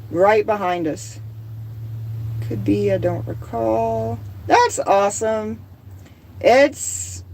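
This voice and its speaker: A middle-aged woman with a Southern drawl chats easily on a relaxed home livestream. She reads viewer comments aloud and laughs often, in a voice of ordinary middle pitch. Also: rough recording. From American South. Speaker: livestream host. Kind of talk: casual livestream chat.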